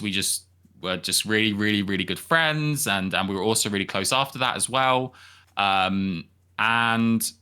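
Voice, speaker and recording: Bright-toned hesitant man. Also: fairly low pitch, smooth. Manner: hesitant, repeats words, gentle. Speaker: podcast co-host. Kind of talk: casual podcast chat.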